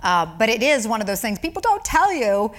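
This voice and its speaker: A woman author chatting on stage in front of a live audience, animated and quick to laugh as she tells stories. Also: a little high. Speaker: cookbook author being interviewed. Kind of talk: casual onstage conversation.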